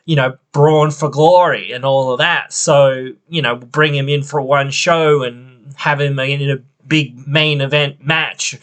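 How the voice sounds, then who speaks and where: A man's voice: mid-range voice, fairly even intonation, measured pace, hardly any pauses, a bit bright, clear, resonant tone. A man hosting a wrestling podcast, venting in a rambling, frustrated way. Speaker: podcast host. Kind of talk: casual opinion podcast.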